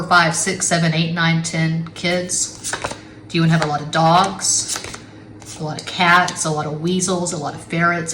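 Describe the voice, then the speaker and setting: A woman's voice: low voice, fairly bright tone. A middle-aged woman giving a casual tarot reading at home, rambling and blunt, with frequent swearing. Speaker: tarot reader. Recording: echoey room with faint background noise.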